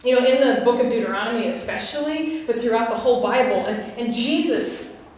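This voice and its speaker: A West Virginian woman preaches to her congregation in a chatty, questioning way, with a fairly high voice. She is recorded from a distance in a church sanctuary, and the long reverb of the hall hangs on every phrase. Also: a little fast, darkish tone. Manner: conversational, laughs and asks the congregation questions. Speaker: pastor. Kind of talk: sermon.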